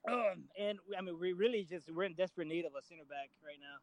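A man on a football discussion panel who speaks hesitantly, with many pauses and restarts. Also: high-pitched, no echo, rough recording. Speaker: podcast panelist.

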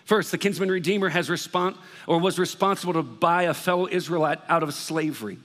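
A man preaching a sermon as pastor, talking in a conversational, animated way and acting out worried voices. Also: fairly high pitch, brisk. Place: church hall. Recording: long reverb of a large hall.

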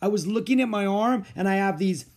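Man doing a higher, earnest young boy, puzzled and polite, storybook reading, gravelly, husky. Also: a little fast, darkish tone. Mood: insistent.

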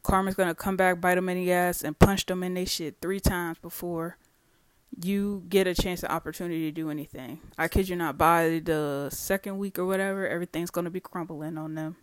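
A podcast host talking alone in a casual monologue, blunt and full of swearing, with heated swings between loud and quiet. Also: mid-range voice, steady tone, a little fast, clean tone, no echo. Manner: blunt, profane and emphatic, with heated swings in volume.

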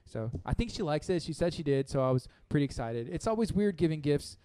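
A man's voice: fairly high pitch, animated, quick pace, warm tone, clear, resonant tone, no echo. A man in his thirties co-hosting a morning radio show, chatting casually and rambling with frequent laughs.

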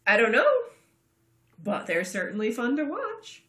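A woman co-hosting a podcast chats about her team with a lively, rising and falling pitch. Her bright voice rings in a roomy echo. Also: unhurried. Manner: chatty, laughs often. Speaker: podcast co-host. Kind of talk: casual sports chat.

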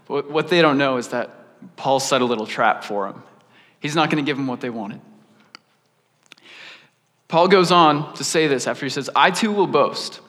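A man preaching a sermon in a relaxed, conversational way, full of "like", animated as he builds his point. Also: medium pitch, normal speed, long pauses. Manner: animated, laid-back, peppered with "like". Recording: long reverb in a large hall.

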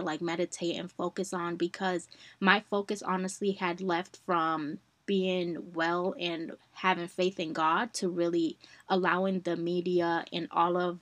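A young woman chats through a personal story on her podcast, animated and warm toward her listeners. Her voice sits a little low. The recording is dry and close, with no room sound. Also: no room sound. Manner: chatty, addresses listeners as y'all, animated retellings. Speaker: podcast host.

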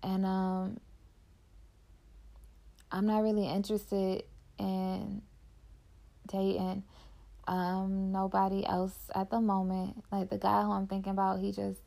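Gravelly-voiced woman musing candidly. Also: mid-range voice, monotone, slow, long pauses, mellow. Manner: candid and heartfelt, heavy use of "like". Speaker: podcaster. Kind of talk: casual personal reflection.

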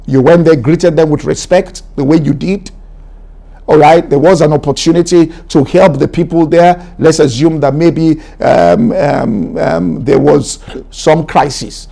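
Man preaching a sermon, kinda high voice but warm and mellow, keeps repeating himself for emphasis. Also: a little slow, creaky. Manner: preaching, rising to an emphatic raised pitch; repetitive, exhorting delivery. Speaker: pastor.

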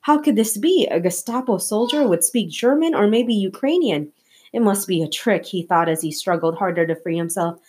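A woman reading a novel aloud chapter by chapter, in steady, measured narration. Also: medium pitch, slightly rough. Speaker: audiobook reader.

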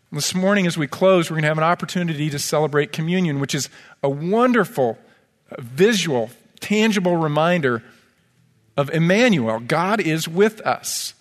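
Earnest preaching man in a reverberant church. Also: fairly high pitch. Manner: earnest, pleading preaching with scripture quotes. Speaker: pastor. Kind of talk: sermon. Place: church sanctuary.

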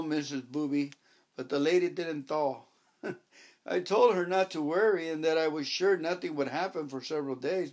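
Wry male audiobook narrator. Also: a little high.

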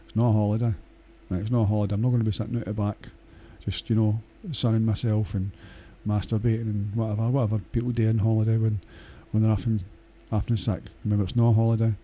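A man's voice: on the low side, little pitch movement, fast talker, hardly any pauses, warm tone, slight background noise. A Scottish man talking in a casual, rambling monologue, blunt and crude, swearing often and hesitating with many fillers.

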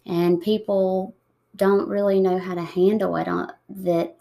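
A woman in her thirties, soft-spoken and reflective, talking slowly with pauses in an emotional interview. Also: mid-range voice, little pitch movement, creaky. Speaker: guest.

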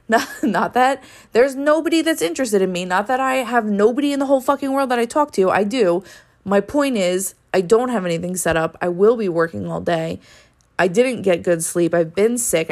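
Young woman podcaster venting about her day, swears a lot, says like constantly, mid pitch. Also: vocal fry. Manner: candid, profane, ranting with frequent "like" fillers. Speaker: podcast host. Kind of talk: casual solo podcast monologue.

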